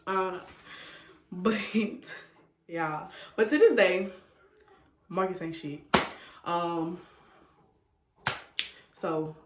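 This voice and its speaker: Woman telling a story, laughing and animated. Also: lowish voice, drawn-out words, long pauses, echoey room, slight background noise. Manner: animated, laughing, repeats phrases for effect. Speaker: storytime vlogger. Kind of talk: casual storytelling.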